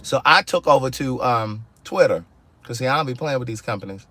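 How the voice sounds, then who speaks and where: A man telling a story in casual vlog style from his car, animated and exasperated, acting out both sides of his phone calls. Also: medium pitch, fairly quick, dry recording. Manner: sassy, exasperated. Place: inside a car.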